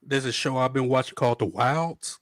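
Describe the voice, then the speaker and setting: A man's voice: mid-range voice, fairly quick, dry recording, studio quality. A man on a talk show panel chatting casually, easygoing and a little hesitant as he recommends something.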